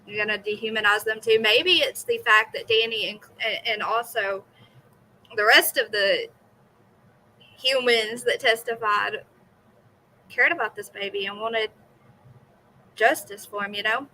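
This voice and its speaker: A woman's voice: fairly high pitch, unhurried, long pauses, bright, forceful tone, slight background noise, low-quality recording. A young woman streaming from home, giving chatty, indignant commentary on a trial and talking straight to her viewers. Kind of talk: casual live commentary.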